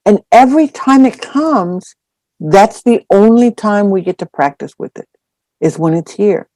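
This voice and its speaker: A woman dharma teacher telling a personal story in a dharma talk, animated and full of acted-out quotes. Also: medium pitch, measured pace, no room sound. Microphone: online call.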